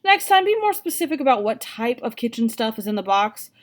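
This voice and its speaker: A woman's voice: fairly high pitch, big pitch swings, brisk. A woman reading aloud, voicing a teasing teenage older brother.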